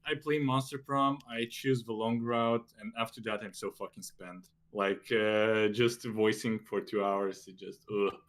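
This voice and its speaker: Man, guest in a casual chat, low-ish voice, hesitant, lots of "uh"s. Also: steady tone, a little slow, few pauses, a bit bright. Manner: hesitant, full of "uh"s.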